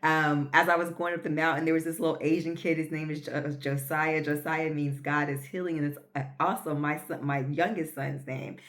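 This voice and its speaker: A woman's voice: low voice, flat delivery, normal speed, few pauses, fairly bright tone. A woman vlogger telling a story in an earnest, rambling way, full of fillers and restarts. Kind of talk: casual storytelling.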